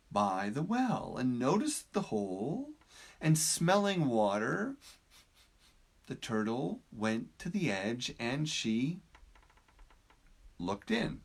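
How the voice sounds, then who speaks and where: A man tells a parable in a slow, measured way, pausing often for effect. His voice rises and falls with lively expression as he draws the listener in. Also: fairly high pitch, slightly rough. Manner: slow, deliberate, expressive with dramatic pauses. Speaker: speaker, storyteller. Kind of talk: storytelling.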